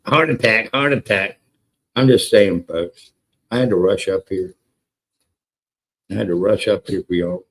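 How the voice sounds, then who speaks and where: A man's voice: low voice, vocal fry, low-quality recording. Hyped-up profane man hosting a livestream. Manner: hyped-up, profane, greets chatters by name; repeats words for emphasis. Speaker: livestream host. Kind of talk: casual live-stream chat with viewers.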